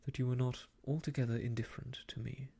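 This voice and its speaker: Guy doing a determined young suitor, whispered role-play, gravelly and dark, barely above a breath. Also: medium pitch, level tone, fast. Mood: hopeful. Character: young man, strong and determined, declaring love.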